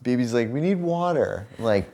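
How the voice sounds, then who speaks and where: A man's voice: mid-range voice, moderate pace. A young man casually telling a story to camera, laughing often, swearing freely and acting out what people said. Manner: swears freely, laughs often, animated retelling with quoted voices. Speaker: vlogger telling a story about his partner.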